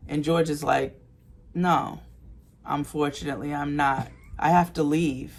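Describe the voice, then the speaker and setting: A man co-hosting a podcast, telling a story casually and acting out the people in it, with bursts of loud laughter. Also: on the high side, fairly even intonation, measured pace, vocal fry. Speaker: podcast co-host.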